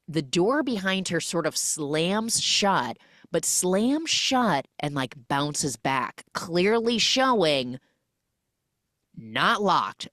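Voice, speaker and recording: This podcast host has a low-pitched voice with no room sound. She recaps a film casually and with jokes, animatedly acting out the characters' lines.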